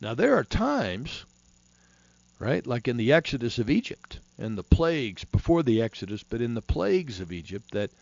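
A man's voice: medium pitch, creaky, darkish tone, dry recording, lo-fi sound. A man hosting a Christian talk show on being prepared, talking in a folksy, rambling way with many restarts. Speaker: host.

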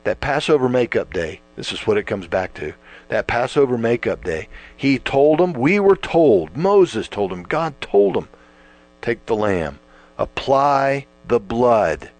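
A man preaching a sermon, emphatic, drawing out words for stress and swinging between loud and quiet. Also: mid-range voice, sing-song, normal speed. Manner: emphatic, rising and falling with stretched words. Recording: mains hum behind.

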